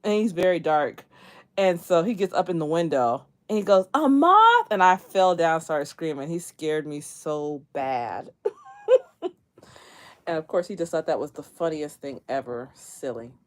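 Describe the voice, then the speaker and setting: A woman's voice: sits low, a little slow, a little mellow. A woman chatting casually on a livestream from her room, laughing often and telling stories animatedly. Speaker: livestream host. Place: bedroom near closet, indoors.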